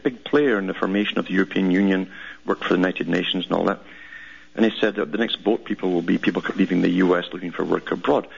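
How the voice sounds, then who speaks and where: Deep gravelly man on lo-fi radio. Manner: sardonic, repeats words and restarts often. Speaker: talk radio host. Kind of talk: rambling radio monologue reading news clippings. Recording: dull lo-fi radio broadcast.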